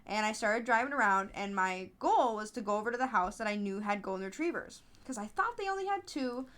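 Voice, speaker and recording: A woman telling stories in a casual podcast interview, chatty and animated, with frequent fillers and restarts. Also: brisk. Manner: animated storytelling, acts out others in high voices. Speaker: podcast host, app founder being interviewed.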